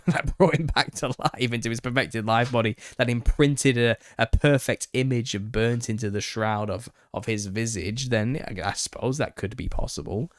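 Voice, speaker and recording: A man hosting a live Q&A stream, reading viewer comments and answering them with exasperation and laughter, his voice a little raspy. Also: on the low side, no echo, studio quality. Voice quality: slightly raspy. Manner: reads out chat comments and retorts, exasperated, laughing. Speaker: channel host answering viewer questions.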